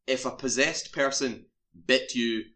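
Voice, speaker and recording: A man casually retelling a horror film's plot in a relaxed chat. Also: medium pitch, measured pace. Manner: animated storytelling, swears casually. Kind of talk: casual film recap chat.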